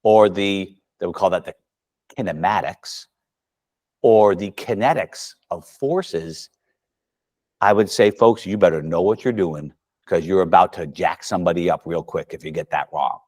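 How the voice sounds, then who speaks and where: A man's voice: deep voice, measured pace. A man coaching golf at a seminar for fellow coaches, talking casually and acting out dialogue with his students. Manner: animated storyteller acting out dialogue.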